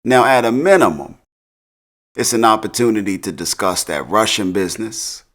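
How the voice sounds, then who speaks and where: A man's voice: on the low side, lively intonation, normal speed, a bit bright. A man casually recapping a TV episode in slang, laughing often. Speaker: TV recap host.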